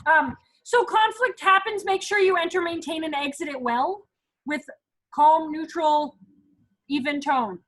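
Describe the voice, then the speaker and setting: A woman's voice: high voice, measured pace, a bit bright, poor audio. A woman in her thirties leading a casual parenting talk, chatty and acting out little quotes as she goes. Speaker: parenting group leader.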